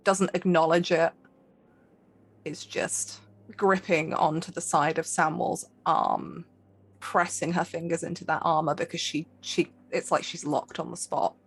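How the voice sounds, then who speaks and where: A woman describes her character's struggle in a tabletop role-playing game with earnest, vivid detail. Her voice is low, husky and gravelly at the edges. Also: steady tone, measured pace. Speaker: player.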